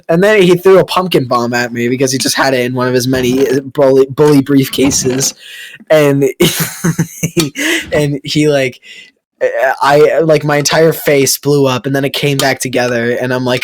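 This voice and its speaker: A mid-range male voice at normal speed comes through with slight background noise. He's a young man and a friend telling a story, making up a crude tall tale late at night on a computer mic while a game is being recorded, meandering with fillers and frequent restarts.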